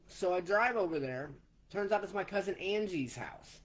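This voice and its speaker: Slow-talking man in his forties telling a story. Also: a little high, animated. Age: 40s. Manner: slow, plainspoken, retelling step by step. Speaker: vlogger. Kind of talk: personal storytelling.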